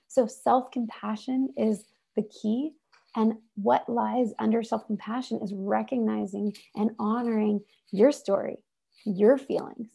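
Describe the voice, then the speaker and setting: A woman giving an inspirational talk over a video call, animated and emphatic. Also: fairly high pitch, creaky, breathy edge. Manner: animated and emphatic, acts out voices. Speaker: presenter.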